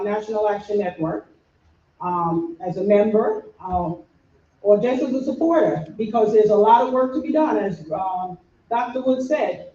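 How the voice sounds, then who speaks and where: A woman from New York with a New York accent, an organization officer giving an earnest, measured address to a community audience. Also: a little high, dark tone. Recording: echoey, dull room recording from far off.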